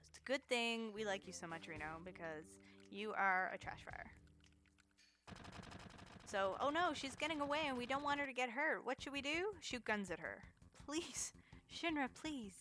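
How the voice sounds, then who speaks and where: A woman's voice: fairly high pitch, animated, normal speed, pushed and bright. A woman giving playful, chatty live-stream commentary while speedrunning a game, tossing jokey asides to her chat.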